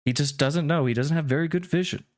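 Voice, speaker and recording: A man's voice: a little high, quick pace, voice pushed up, close to an everyday voice. A man doing a mild, wrinkly old man. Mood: chiding. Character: small wrinkly older man, gentle.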